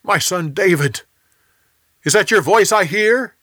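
A man's voice: on the high side, lively intonation, slow pace, bright, forceful tone, no room sound, clean studio sound, heavily acted. A man doing remorseful King Saul. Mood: calling out. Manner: pleading and contrite. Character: remorseful older king Saul, torn and regretful.

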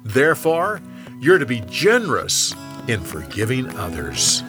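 A man voicing a calm, wise adult teacher who speaks in a measured way. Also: mid-range voice, over music.

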